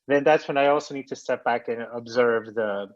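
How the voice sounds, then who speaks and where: A man's voice: medium pitch, moderate pace. Man thinking aloud on dull lo-fi audio. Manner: thinks aloud, hesitant restarts, self-deprecating humor. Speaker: session host. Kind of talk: casual question-and-answer.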